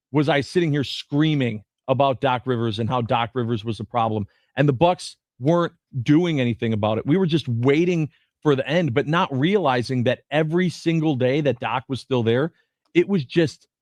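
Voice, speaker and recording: A man co-hosting a sports radio show in casual talk, animated and given to quick restarts as he reads quotes aloud. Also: on the high side, dry recording.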